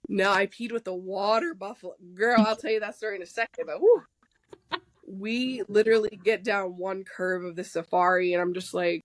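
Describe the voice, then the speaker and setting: A woman's voice: mid-range voice, fairly even intonation, normal speed, dry recording, poor audio. A woman talking as a podcast guest in loose, candid chat. She rambles through fillers and restarts, swears freely and jokes along the way. Her voice sits in an ordinary middle register, recorded close and dry with no room sound. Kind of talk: casual chat.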